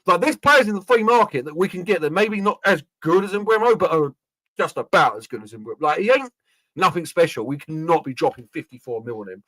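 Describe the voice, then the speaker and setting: Lad, slangy football banter, lively bright voice, dry close mic. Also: male voice, on the high side, fairly quick, no echo. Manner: animated, slangy, jokey. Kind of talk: casual football chat.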